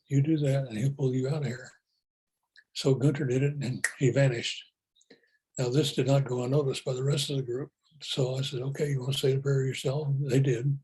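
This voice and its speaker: Man, personal storytelling, mellow husky voice, calm, matter-of-fact. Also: mid-range voice, moderate pace, rough recording. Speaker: speaker telling spiritual experiences.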